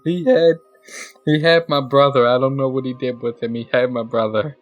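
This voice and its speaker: A man's voice: mid-range voice, steady tone, moderate pace, highs cut off, faint music behind, natural voice. A man voicing a freed male hostage who is panicked and pleading, close to tears, in a tabletop game. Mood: frantic.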